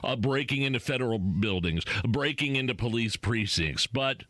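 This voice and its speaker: A man's voice: mid-range voice, animated, normal speed, fairly bright tone, dry recording. A man co-hosting a political talk radio show, talking in a wry, loose and conversational way from a studio microphone.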